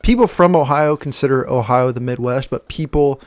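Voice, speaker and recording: A man's voice: medium pitch, moderate pace, no room sound. A young man trades easygoing, joking banter as a podcast co-host. The recording is dry, with no room sound. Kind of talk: casual chat.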